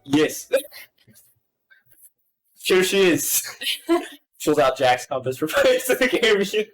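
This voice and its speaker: A man's voice: sits high, big pitch swings, drawn-out words, a bit bright, soft background music, poor audio. A man chatting casually while playing a game, laughing often, swearing and cracking crude jokes.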